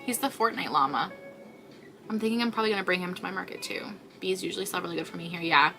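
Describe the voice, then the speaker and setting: A woman's voice: lowish voice, fast, creaky, music in the background. Tired, chatty woman on a crochet livestream. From Canada. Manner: chatty, rambling, many fillers, reads out viewer comments. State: tired and yawning. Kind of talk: casual livestream chat.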